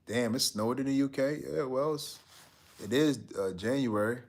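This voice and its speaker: Man, live-stream host, casual chat, laid-back, slangy, reads viewer comments, mid-pitched voice. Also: moderate pace, darkish tone. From United States.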